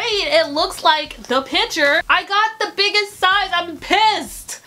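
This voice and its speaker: A young woman vlogger giving a casual unboxing review, animated and swinging between excitement and exasperation. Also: very high voice, slow pace, few pauses, background noise.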